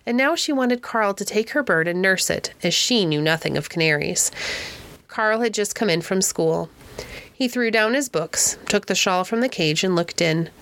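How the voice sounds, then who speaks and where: A woman reading a classic novel aloud in a clear, steady storybook manner. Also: mid-range voice, no echo. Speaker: audiobook narrator.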